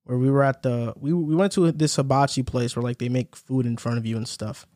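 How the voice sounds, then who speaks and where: A man's voice: medium pitch, fairly even intonation, dark tone, no echo, clean studio sound. A young man hosting a casual sports podcast, chatting with friends, telling a story through laughs and rattling off a ranked list. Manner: laughs while telling stories, reads lists quickly. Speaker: podcast host.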